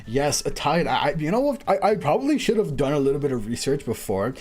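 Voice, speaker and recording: A man's voice: a little high, very animated, fast talker, a little mellow, slightly rough. A man streaming live in casual chat, rambling and self-deprecating, laughing often.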